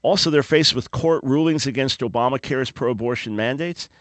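Here a radio host preaches in earnest, pleading with listeners, his delivery marked by minor stumbles and repeated words. He speaks at a moderate pace in a mid-range voice, recorded on a studio microphone in a radio studio with no room sound.

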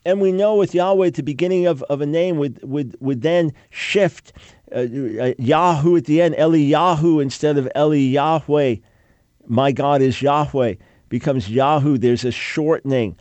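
A man's voice: fairly high pitch, darkish tone, dry recording, highs cut off. A man with a PhD in Semitic languages explaining how Hebrew names and words changed, talking emphatically and mocking opposing claims. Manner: emphatic, quick asides with mocking quoted objections. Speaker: Bible scholar. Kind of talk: lecture-style talk.

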